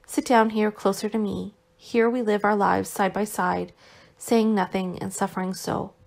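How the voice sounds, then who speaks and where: A woman voicing a gentle, worn-out young man who is still recovering, speaking tenderly with some reproach, in an audiobook reading. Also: medium pitch, level tone, moderate pace, vocal fry. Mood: tender, reproachful.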